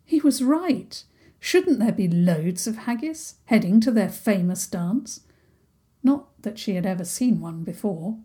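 A woman narrating a children's story in a gentle, unhurried way. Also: medium pitch, expressive, slightly rough.

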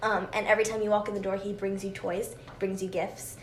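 A woman's voice: mid-range voice, flat delivery, fairly quick. A woman co-hosting a podcast, chatting casually with lots of fillers and giggles. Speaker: podcast co-host. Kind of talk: casual chat. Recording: roomy with faint hiss.

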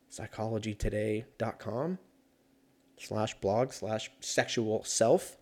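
A man's voice: lowish voice, steady tone, slow pace, darkish tone. Rambling, profane man chatting solo. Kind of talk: casual solo chat.

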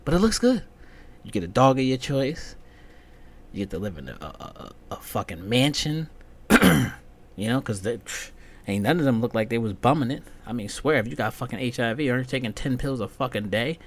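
A man's voice: mid-range voice, expressive, a little fast. A man hosting his own podcast, telling a rambling, profane story in a casual monologue. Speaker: podcast host.

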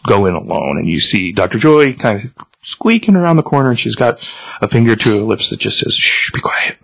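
A man casually retelling a comic book scene, halting with many ums and restarts. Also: lowish voice, a bit bright, no room sound, poor audio. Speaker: podcast host reading a comic aloud.

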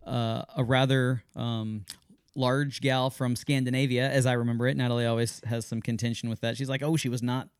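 A man's voice: medium pitch, little pitch movement, moderate pace, clear, resonant tone, no room sound, studio quality. A man co-hosting a family podcast, telling a story in a casual, rambling way and often correcting himself mid-sentence. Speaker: podcast co-host.

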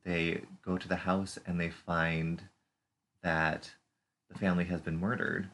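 Recapping a TV episode in a casual chat, a male podcast co-host plays around with puns and silly voices. His voice sits low and is a bit bright, and his delivery is flat and a little slow.

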